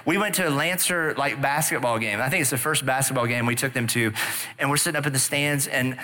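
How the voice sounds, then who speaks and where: Middle-aged guy preaching, chatty and animated, bright forward voice, keeps asking the crowd if they're with him. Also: mid-range voice, a little fast. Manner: conversational, animated storytelling with audience asides. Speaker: pastor. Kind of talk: sermon.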